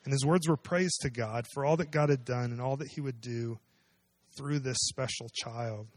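A man's voice: mid-range voice, normal speed, no echo. A man preaching a sermon, explaining a scripture passage in a conversational way and asking his listeners questions. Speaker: pastor.

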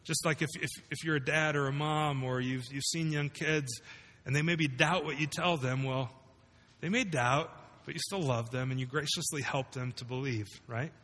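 Male pastor, sermon, conversational, rhetorical questions, slightly high voice, long hall reverb. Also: fairly even intonation, moderate pace, bright, forceful tone. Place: large room with congregation.

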